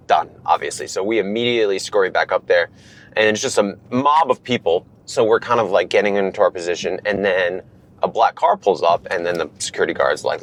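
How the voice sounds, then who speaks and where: A man telling a story in casual conversation, animated and acting out what people said. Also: low voice, fairly quick. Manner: animated, acts out quoted dialogue. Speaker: reality TV guest.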